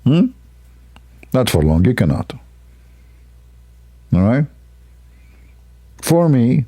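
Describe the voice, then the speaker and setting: A man's voice: medium pitch, sing-song, measured pace, pauses often, dark tone, breathy edge. A man hosting a livestream, talking in a sarcastic, rambling, mock-admiring way. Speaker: livestream host. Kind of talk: mocking livestream commentary.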